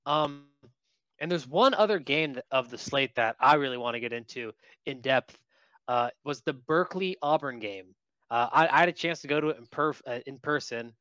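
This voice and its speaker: A man co-hosting a casual sports podcast, telling lively stories about what he saw at a game. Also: medium pitch, moderate pace, smooth, dry recording, lo-fi sound. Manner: lively anecdotal storyteller. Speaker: podcast co-host.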